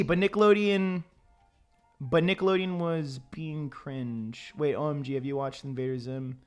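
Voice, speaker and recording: A man chats casually with his viewers while he draws on a stream. He rambles, laughs often and restarts his sentences in a fairly high voice. Faint music plays quietly behind him. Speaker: artist streaming his drawing. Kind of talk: casual livestream chat, answering chat. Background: faint background music.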